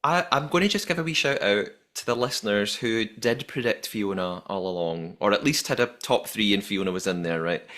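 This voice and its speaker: A man's voice: lowish voice, brisk, hardly any pauses, a bit bright. A man hosting a podcast, chatting casually and reading out listener messages. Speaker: podcast host. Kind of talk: casual recap chat.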